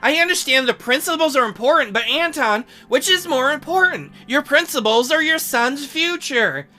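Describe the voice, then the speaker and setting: A man's voice: extremely high pitch, lively intonation, normal speed, pushed and bright, faint music behind, voice pushed up, full character voice. A man voicing an anxious middle-aged wife and first lady who pleads about her son's future. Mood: pleading.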